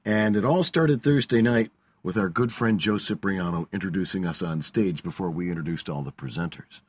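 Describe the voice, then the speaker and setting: A man's voice: low-pitched, moderate pace, husky. A man co-hosting a podcast in casual, playful chat. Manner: playful, jokey. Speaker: podcast co-host.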